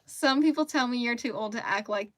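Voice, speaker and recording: A woman's voice: on the high side, fairly quick, fairly bright tone. A woman from Mississippi, hosting a casual crochet livestream and chatting with easy laughs and rambling asides. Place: home closet.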